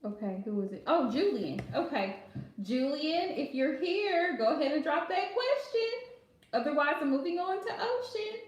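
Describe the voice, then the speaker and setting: Chatty high-voiced woman in an echoey room. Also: very animated, normal speed. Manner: chatty, direct, laughs often, calls viewers pet names. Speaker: live tarot reader answering viewer questions. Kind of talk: casual live-stream advice chat.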